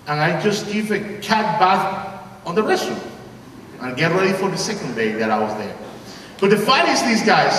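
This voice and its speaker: A Puerto Rican man with a Spanish accent, a priest preaching to young people, his voice pitched fairly high and full of playful storytelling. He is heard from far off in a big, booming arena with long reverb and a faint hiss. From Puerto Rico. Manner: animated, playful storytelling with acted-out dialogue. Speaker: priest giving a homily. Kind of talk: storytelling sermon to a youth conference. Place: large arena.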